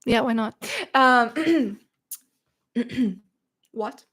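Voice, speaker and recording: A woman's voice: on the high side, drawn-out words, fairly bright tone. A young woman from Russia hosting a casual livestream Q&A, reading chat comments aloud and bantering playfully. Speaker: streamer.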